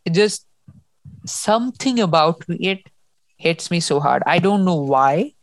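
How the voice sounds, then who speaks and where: A woman's voice: lowish voice, lively intonation, unhurried, no room sound. A woman co-hosting a casual book discussion, talking emotionally and often restarting as she reacts to the story. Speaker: podcast co-host.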